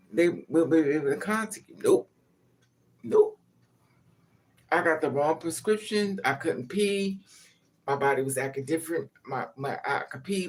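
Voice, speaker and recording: A woman casually telling a personal story on a vlog, frank and profane, laughing as her voice swings between loud outbursts and hushed asides. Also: low voice. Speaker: vlogger.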